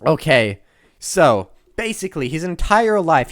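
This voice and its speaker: A host chats loosely about contest predictions, joking on the side and correcting themselves along the way. Their mid-range voice swings widely in pitch at a normal speed, recorded close on a desk mic without room sound.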